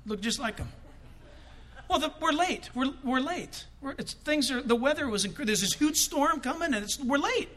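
A man's voice: very high voice, animated, moderate pace, fairly bright tone. A man preaching a sermon and telling a comic story, acting out the voices of the people in it.

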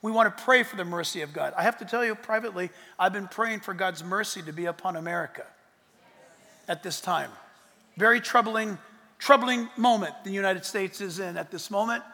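A man preaching a sermon as a pastor, animated, swinging from loud bursts to hushed asides and dropping in jokes. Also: sits high, fairly quick, big-room sound.

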